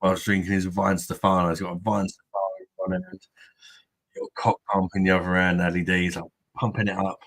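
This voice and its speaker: A man's voice: low voice, level tone, quick pace, fairly bright tone, no room sound, low-quality recording. A man from Kent, hosting a live stream and bantering with viewers in crude, jokey chatter. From Kent, England. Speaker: host of a beer review live stream. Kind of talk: casual live-stream chat.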